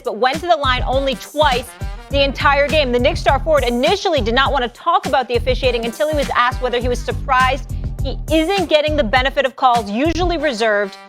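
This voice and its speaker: Brisk woman reading a sports intro over music. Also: high voice. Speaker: show host. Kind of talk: news-style show intro.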